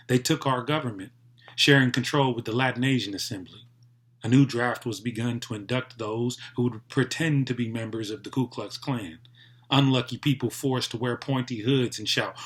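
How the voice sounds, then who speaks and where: Man at mid pitch, reads poetry aloud, measured and deliberate, pauses between lines. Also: fairly bright tone. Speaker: poetry reader. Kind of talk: poetry reading.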